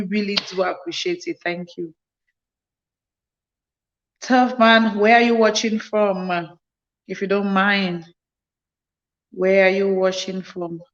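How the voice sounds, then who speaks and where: A woman's voice: mid-range voice, highs cut off. A woman hosting a casual livestream, tired after a night shift, repeating thanks and greetings to viewers as they join. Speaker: livestream host. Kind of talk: casual live-stream chat greeting viewers. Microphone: phone.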